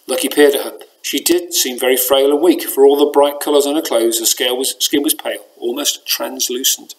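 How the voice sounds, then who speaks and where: A man reading a children's novel aloud in steady, plain narration. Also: medium pitch, a little fast, hardly any pauses, low-quality recording. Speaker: story reader.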